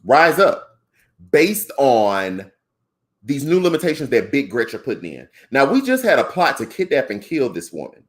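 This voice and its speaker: A man with a Southern African American accent talks through the news as a podcast co-host. He is animated and conversational, with slangy asides. His voice sits at an ordinary middle pitch. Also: moderate pace. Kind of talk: casual political commentary.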